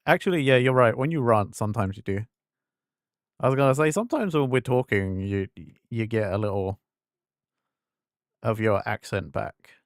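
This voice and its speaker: A man's voice: lowish voice, expressive, normal speed, long pauses, dry recording, clean studio sound. A young man from England, his English accent fading toward London, chatting casually and rambling on a gaming stream. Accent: fading English, London-leaning. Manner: rambling, filler-heavy, self-interrupting.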